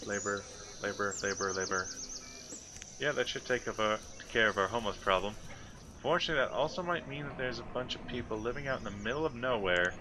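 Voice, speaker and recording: Talking fast and expressively in a medium-pitched voice, a gameplay commentator mutters his thoughts while building a city in a game. There's background noise in the clip.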